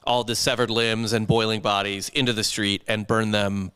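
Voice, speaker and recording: A man's voice: fairly low pitch, flat delivery, moderate pace, a bit bright, smooth. A young man casually telling a history story on a comedy podcast, rambling and profane, sometimes slipping into put-on voices.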